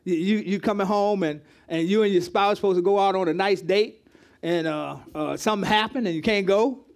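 High-voiced pastor talking with his church. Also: fairly quick. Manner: conversational, calls on the congregation, repeats words. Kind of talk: interactive sermon teaching. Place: church hall with congregation.

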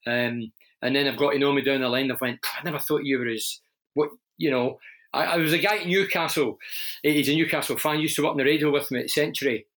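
A man's voice: on the high side, quick pace, a bit bright. A middle-aged man from Scotland with a broad Glaswegian accent, telling stories candidly in an interview with frequent restarts. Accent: Glaswegian Scottish. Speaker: interview guest, former footballer and radio presenter. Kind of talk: conversational interview.

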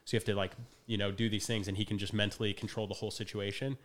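Man, young adult, podcast guest, quick lively storyteller, slightly low voice. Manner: animated storyteller, acts out quotes, laughs often. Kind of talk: casual podcast conversation.

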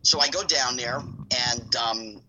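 A man's voice: medium pitch, measured pace, a crowd in the background, rough recording. A man telling a long story as a podcast guest, rambling with asides and acting out both sides of conversations. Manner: rambling, full of asides and acted-out dialogue. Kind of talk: casual storytelling.

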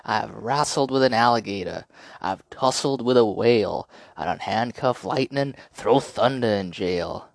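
A man putting on a boastful heavyweight boxer, delivering slow, punchy rhyming taunts. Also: lowish voice, gravelly, no echo, voice pushed up.

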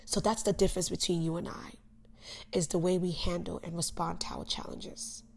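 Young woman podcast host, low gravelly voice, earnest heartfelt monologue with loud bursts and hushed asides. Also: steady tone, normal speed, slight background noise. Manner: earnest, emotional storytelling with sudden loud bursts and soft asides. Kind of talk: personal motivational monologue.

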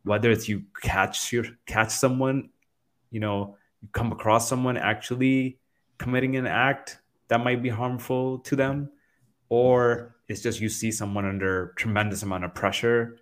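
A man with a lowish voice hosts a reflective podcast chat. He speaks earnestly and hesitantly, restarting his thoughts as he goes.

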